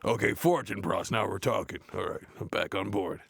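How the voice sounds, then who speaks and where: An actor playing a gruff, blunt adult metal frontman, reading a play aloud in a deadpan, grumbling way and mocking the text. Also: on the low side, moderate pace, no room sound, studio quality. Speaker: reader of a play. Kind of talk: comedic read-aloud with running complaints.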